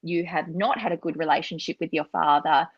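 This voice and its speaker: A woman's voice: sits low, fairly even intonation, a little fast, breathy edge, no room sound. Chatty Australian woman author, muffled audio. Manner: chatty, reflective. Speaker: author, guest. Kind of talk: interview answers.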